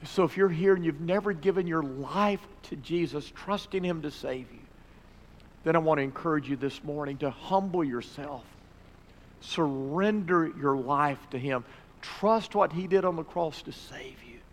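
A man's voice: on the high side, normal speed. Man preaching in a reverberant hall. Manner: preaching with swelling emphasis, dropping to soft pleas. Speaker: pastor. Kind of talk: sermon.

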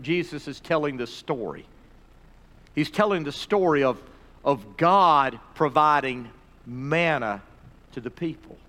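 Man preaching in a reverberant hall. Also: a little high. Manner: preaching with swelling emphasis, dropping to soft pleas. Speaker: pastor. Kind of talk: sermon.

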